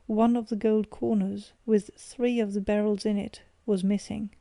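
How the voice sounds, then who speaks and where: A woman narrating an audiobook in a measured, expressive reading. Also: mid-range voice, gravelly, dry recording.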